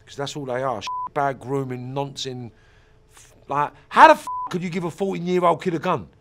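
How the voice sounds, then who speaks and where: Against background noise, a middle-aged man who went from ex-offender to mentor and motivational speaker recounts his past to an interviewer at a moderate pace. He speaks at medium pitch, blunt, profane and intense, repeating points for emphasis.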